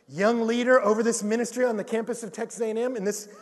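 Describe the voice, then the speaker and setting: A man preaching a sermon in a church, telling lively stories with jokes and acted-out quotes. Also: very high voice, fast talker, long reverb tail.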